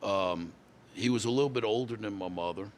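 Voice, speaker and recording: A man's voice: fairly low pitch, a little fast, a little hiss or hum. A man, telling stories as a guest in a casual interview, often repeating and restarting words. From Louisiana. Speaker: guest musician.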